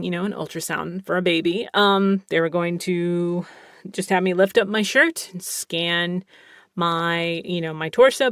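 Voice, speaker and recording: A woman podcast host telling a personal story in a chatty, animated way, acting out what others said. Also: medium pitch, dry recording, studio quality. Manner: chatty, animated, quotes others, swears casually. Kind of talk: casual storytelling.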